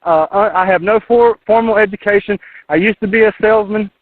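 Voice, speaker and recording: A man in his thirties from North Carolina, preaching in a fired-up, driving way as a radio guest and hammering each point through repetition. His voice sits high for a man. It comes through a thin, dry phone line. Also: fairly quick, no room sound. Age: 30s. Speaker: internet radio host, guest. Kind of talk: impassioned guest talk on a call-in radio show. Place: outdoors in his yard.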